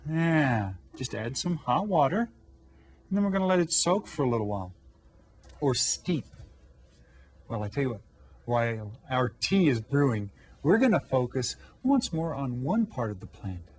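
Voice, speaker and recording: A man teaching a children's language lesson, slowly modeling words for young learners to repeat. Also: medium pitch, a little hiss or hum. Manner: friendly, slow modeling of words for repetition. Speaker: Spanish teacher.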